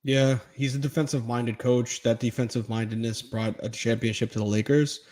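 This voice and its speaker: A man in easygoing sports-podcast talk, lively and quick to laugh, sometimes slipping into playful mock voices. His voice sits at a middle pitch. He sounds like a regular co-host trading takes with a friend. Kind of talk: casual sports chat.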